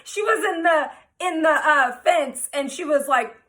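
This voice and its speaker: A woman telling a wild personal story in a casual, animated, profane way, acting out what everyone said. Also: high-pitched, a little slow. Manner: animated, profane, quoting herself.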